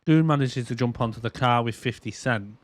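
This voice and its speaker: A man's voice: medium pitch, brisk, no room sound. A man co-hosting a podcast, chatting casually and animatedly, with swearing and silly acted voices. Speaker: podcast co-host. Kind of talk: casual chat.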